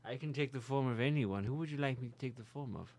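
A man's voice: medium pitch, quick pace, darkish tone, no room sound, close to an everyday voice. A man playing a theatrical male ghost who boasts of his range of voices and shapes. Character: Vincent Spice, theatrical male ghost host.

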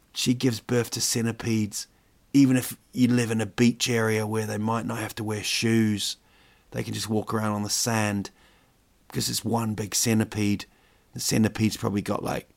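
Chatty, rambling low-voiced man. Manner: chatty, jokey, rambling with fillers. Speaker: podcast host. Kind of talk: casual monologue.

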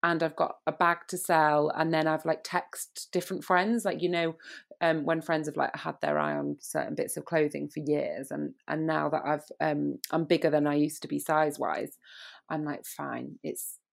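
Woman, podcast co-host, low voice, gravelly fry, teasing rambling chat. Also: steady tone, moderate pace. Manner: chatty, teasing, rambling with many fillers. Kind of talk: casual chat.

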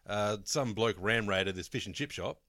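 A man's voice: lowish voice, normal speed, pushed and bright, no echo, studio quality. An Australian man co-hosting a casual sports podcast, swearing freely and telling stories with laughs. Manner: swearing, laughing storyteller doing bloke impressions. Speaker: podcast co-host.

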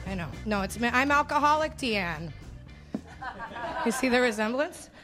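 A woman's voice: fairly high pitch, lively intonation, normal speed, music in the background. A young woman from Winnipeg performing a live stand-up set on a small theater stage, rambling and self-mocking, laughing through her lines. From Canada, Winnipeg. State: hungover. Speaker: stand-up comedian.

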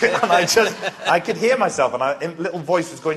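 A man's voice: fairly high pitch, a little fast, hardly any pauses, noisy background. A man with a Welsh accent, a podcast guest, telling self-mocking anecdotes in casual chat and acting out the quotes. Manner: animated storyteller, self-mocking, acts out quotes. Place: live comedy podcast venue.

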